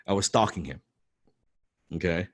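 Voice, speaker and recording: A man telling a personal story to an audience, excitable and swearing freely, full of restarts and "right?" tags. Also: low-pitched, normal speed, no echo, studio quality. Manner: restarts and repeats words often. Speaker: motivational speaker telling his story. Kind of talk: animated storytelling talk.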